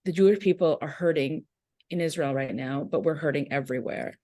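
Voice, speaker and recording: A woman educator guesting on a podcast speaks in a low voice, reflective and passionate. She pauses with fillers as she builds her thoughts. The recording is dry and close. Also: warm tone, no echo. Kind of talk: conversational interview.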